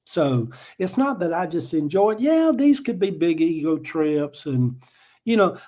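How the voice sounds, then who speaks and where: An older man hosting a casual live chat, telling stories in a folksy, emotional way. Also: a little high. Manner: folksy and emotional, addresses viewers as y'all. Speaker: livestream host.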